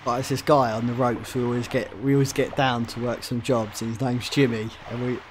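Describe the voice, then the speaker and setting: A man's voice: mid-range voice, flat delivery, brisk, noisy background. A young man with a southern English accent, chatting casually and rambling while streaming a game, swearing often. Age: young adult.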